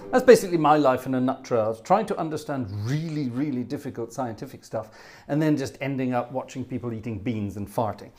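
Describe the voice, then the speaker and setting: A man hosting a livestream, chatting casually in a rambling way and laughing often. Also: mid-range voice. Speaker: livestream host.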